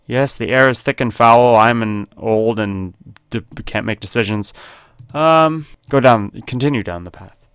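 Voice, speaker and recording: A man narrating a horror text game with frequent laughter and joking comments between the lines. His voice sits at an everyday middle pitch and sounds dry and close, with no room echo. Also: a little slow, few pauses, fairly bright tone, clear, resonant tone. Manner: jokey, laughing, chatty asides. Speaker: gaming video host.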